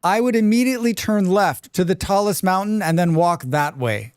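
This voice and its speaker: Male game streamer, relaxed and rambling, clear dry close voice, reads chat. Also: sits high, normal speed, no echo. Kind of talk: casual live-stream chat while playing.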